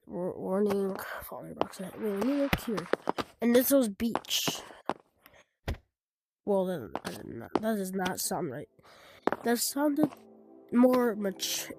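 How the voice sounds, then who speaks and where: A woman's voice: medium pitch, very noisy. A woman walking through a game she made, thinking aloud, trailing off and restarting her sentences, often dropping to a murmur. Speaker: game developer showing her own game. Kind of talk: casual game walkthrough commentary. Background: loud background music.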